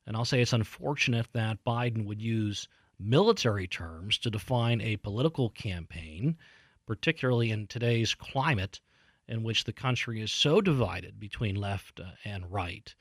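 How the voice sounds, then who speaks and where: A man's voice: fairly low pitch, expressive, normal speed, no room sound, studio quality. A man hosting a political talk show, giving an indignant, emphatic commentary monologue with frequent fillers and restarts.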